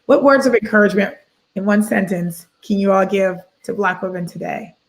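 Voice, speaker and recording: A woman's voice: mid-range voice, brisk. A woman moderating a video call panel, encouraging and handing the floor to each speaker. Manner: warm, encouraging, hands the floor over.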